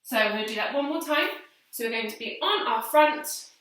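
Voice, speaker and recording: A woman's voice: a little high, animated, fairly quick, a bit bright. A young woman PE teacher leading children through exercises at home, giving encouraging step-by-step instructions and counting aloud while slightly out of breath from doing them herself. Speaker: primary school PE teacher. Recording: very echoey hall, distant from mic.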